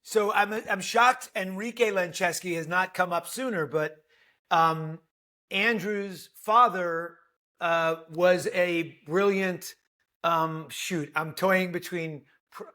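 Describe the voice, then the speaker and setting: A middle-aged man, an actor guest, telling a lively, playful anecdote on a podcast. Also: sits high, slow pace. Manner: lively storyteller, playful, self-deprecating.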